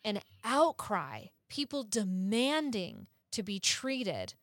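A woman's voice: mid-range voice, huge pitch swings, slow pace, no room sound, clean studio sound. A woman co-hosting a podcast, explaining things earnestly in casual chat, laughing often and cursing now and then. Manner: curses casually.

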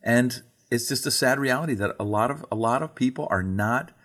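A man's voice: medium pitch, brisk, a bit bright. A man co-hosting a religious talk show, who preaches revival meetings and speaks in an earnest, emphatic way, often repeating himself. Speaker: co-host, preacher. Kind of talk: casual religious discussion.

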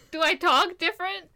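A young woman from Maryland co-hosts a podcast in a very high, pushed, bright voice. She giggles and rambles her way through casual questions.

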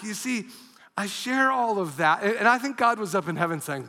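A male pastor delivers a sermon in a high, bright, forceful voice, telling stories with lively energy and sudden shouts. His voice rings out in a large hall with a long reverb trailing behind it. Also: a little fast. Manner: animated storyteller, bursts into shouts. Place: church auditorium.

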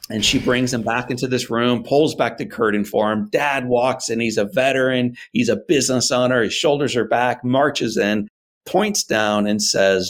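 A man being interviewed, telling a personal story in an earnest, animated way and acting out his parents' words. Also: mid-range voice, normal speed. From United States. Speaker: guest.

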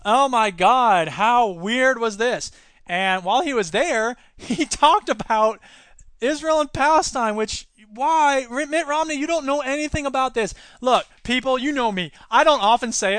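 Bright, high-voiced sarcastic man. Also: no echo. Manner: animated, sarcastic, quick asides with laughs. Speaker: podcast host. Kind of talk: solo commentary podcast.

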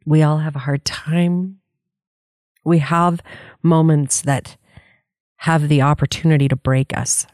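A woman's voice: low voice, fairly even intonation, takes it slowly, pauses often, darkish tone, dry recording, clean studio sound. A woman life coach giving an earnest, candid motivational talk, laughing often and swearing casually.

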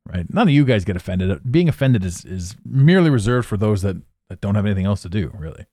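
A man hosts his own podcast in a loose, rambling monologue, swearing and chuckling at his own lines. His pitch swings widely as he talks. The sound is dry and close to the mic. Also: fast talker, no room sound. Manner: animated, swearing, laughing at his own jokes. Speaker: podcast host.

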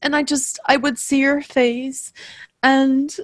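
A woman working as a medium, tenderly recounting a reading to the person she read for, emotional and halting. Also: sits high, flat delivery, no echo, clean studio sound.

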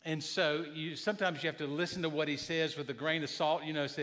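Male pastor, 50s, folksy humorous storyteller with a bright, slightly high voice. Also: fairly even intonation, brisk. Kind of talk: sermon.

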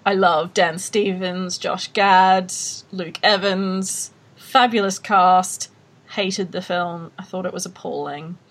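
A woman's voice: lowish voice, steady tone, slow. A woman with an Australian accent hosting a podcast in casual chat, blunt and opinionated, often laughing. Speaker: podcast host.

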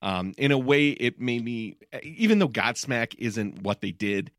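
A man on a podcast giving measured, hedging opinions in casual chat. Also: mid-range voice, lively intonation, a bit bright, no room sound, studio quality.

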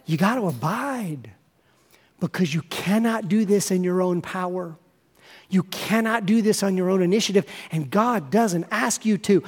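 A male pastor delivers a sermon in a lively, conversational way, building pictures with stories. His voice is very high for a man, and he often drops in "man" and "right.". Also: normal speed, breathy edge. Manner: animated storytelling, conversational, repeats "man" and "right".

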